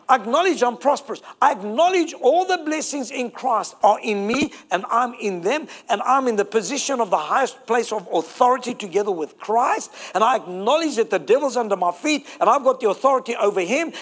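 A man's voice: very high-pitched, a bit bright. A man preaching a sermon, fervent and exhorting, rallying the congregation to repeat declarations.

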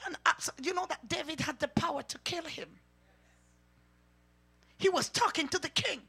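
High, bright-voiced woman preaching a sermon. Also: normal speed, creaky, pauses often. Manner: emphatic preaching, calls out and shouts to the congregation.

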